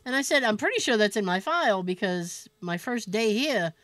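A woman co-hosting a podcast, telling a story in an animated, profane way and laughing as she goes. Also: mid-range voice, normal speed, no room sound. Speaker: podcast co-host. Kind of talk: casual storytelling chat.

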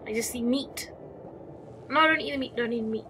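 A woman's voice: on the high side, brisk, background noise. A woman giving casual let's-play commentary, chatty, talking to the game creatures, exclaiming and muttering as she plays. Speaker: gameplay commentator. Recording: music playing behind the voice.

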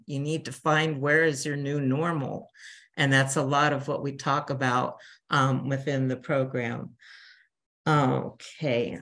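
An older woman, a bereavement counselor, giving a chatty talk to a church grief group and acting out little quotes. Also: low voice. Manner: warm, chatty teacher, acts out quotes.

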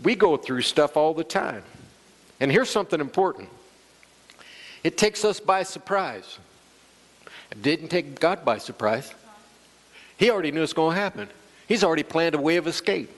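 A man's voice: a little high, very animated, moderate pace, pauses often. A male pastor preaching a sermon, calling out to the congregation and acting out quoted voices. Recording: long church hall reverb.

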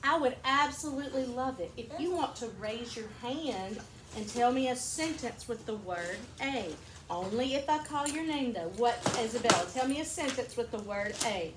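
Teacher in an echoey classroom. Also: female voice, a little high, lively intonation, normal speed, noisy background. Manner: patient, explains with examples. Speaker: kindergarten teacher.

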